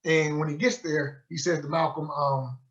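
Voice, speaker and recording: Speaking at an ordinary speed in a somewhat high register, this man gives a book club talk in the role of a sheikh. He narrates animatedly, voicing each quoted line as he goes. The storytelling lecture comes through muffled and lo-fi.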